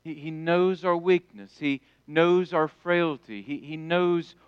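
A middle-aged male pastor preaching a sermon, emphatic, rising to loud declarations and dropping soft. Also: a little high, slow, clear, resonant tone, dry recording, muffled recording.

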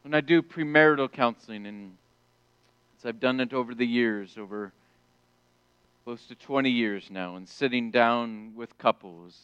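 A middle-aged male pastor preaching a sermon, emphatic, rising to loud declarations and dropping soft. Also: medium pitch, normal speed, clean tone, dry recording, muffled recording.

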